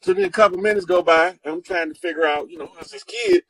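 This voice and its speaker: A man telling stories in a casual chat, animated and profane, acting out the people he quotes. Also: sits high, quick pace, vocal fry, poor audio. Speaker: guest storyteller. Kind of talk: casual storytelling.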